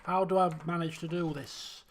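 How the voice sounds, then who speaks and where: A man's voice: on the high side, fairly even intonation, normal speed, a little hiss or hum. A man giving casual live-stream commentary while playing a game, chatting and thinking aloud as he works through puzzles.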